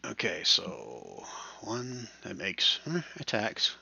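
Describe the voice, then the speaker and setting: A man's voice: lowish voice, big pitch swings, slow pace, creaky, sharp tone, slightly rough. A man narrating a tabletop game as dungeon master over voice chat. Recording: lo-fi voice chat audio.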